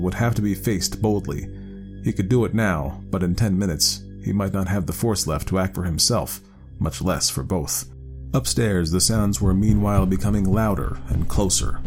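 A man with a very deep voice tells a ghost story in a measured, dramatic way. His reading is steady and deliberate. Quiet music runs faintly underneath. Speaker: narrator.

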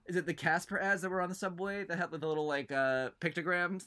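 A man's voice: high-pitched, fairly even intonation, fast talker, sharp tone, smooth. A man co-hosting a casual podcast, telling stories in a rambling, hesitant way. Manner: rambling, hesitant, lots of fillers and asides. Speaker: podcast co-host.

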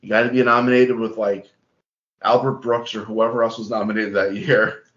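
A man's voice: lowish voice, flat delivery, moderate pace, a bit bright, roomy sound, dull audio. A man co-hosting a casual movie-review chat who often restarts his sentences and keeps saying "listen". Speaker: podcast co-host.

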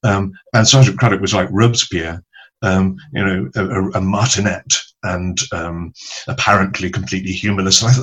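An older man, an actor, telling anecdotes in a relaxed interview with many pauses and restarts. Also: low-pitched, slightly rough, poor audio. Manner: storytelling, halting with many ums and restarts. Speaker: actor, guest.

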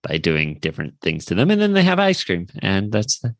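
A man co-hosting a fan podcast, recapping a cartoon episode in a rambling, animated way with many fillers. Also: on the low side, fairly quick, no echo. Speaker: podcast co-host.

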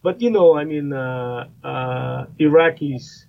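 A man's voice: medium pitch, slow pace, creaky. A man in a casual podcast discussion, talking in a rambling way with many fillers and restarts. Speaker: guest firearms expert. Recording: slightly muffled line with faint noise.

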